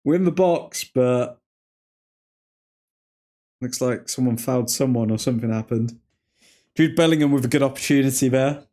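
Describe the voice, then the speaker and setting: A man's voice: medium pitch, normal speed, long pauses, mellow. A man hosting a live watchalong stream, chatting casually, rambling between match moments and chat messages, and laughing often. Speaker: streamer host.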